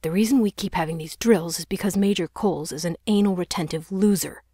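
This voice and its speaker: A woman's voice: lowish voice, fairly quick, mellow, slightly rough, dry recording, clean studio sound. A woman voicing a mocking teenage boy who sneers and teases, in an audiobook. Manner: sneering, teasing.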